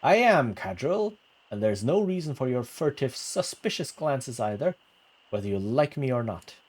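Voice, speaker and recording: A man's voice: medium pitch, very animated, normal speed, a little mellow, breathy edge. A man reading a proud, earnest young squire. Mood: prickly. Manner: formal, solemn, prickly.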